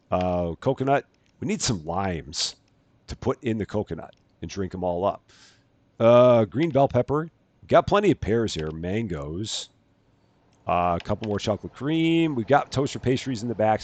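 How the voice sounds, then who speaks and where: A man with a low, darkish-toned voice hosts a let's-play, offering casual gameplay commentary. He describes each task out loud as he goes and often corrects himself.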